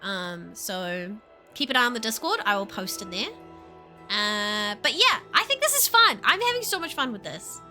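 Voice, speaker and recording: A young woman chatting casually on a livestream, animated, laughing often and swearing. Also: a little high, normal speed, faint music behind. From New Zealand. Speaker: streamer.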